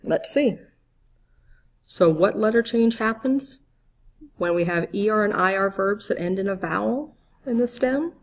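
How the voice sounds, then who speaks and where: A woman's voice: mid-range voice, unhurried, long pauses. A woman teaching a grammar lesson, speaking patiently, spelling out letters and quizzing the listener. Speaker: Spanish teacher. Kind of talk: slow, clear grammar lesson.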